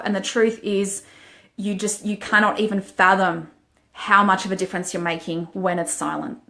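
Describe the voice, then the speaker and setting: A woman's voice: mid-range voice, steady tone, fairly quick, fairly bright tone. Aussie woman coach on a live stream, blunt and heartfelt, gets emotional. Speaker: life coach. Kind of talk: live-stream motivational monologue.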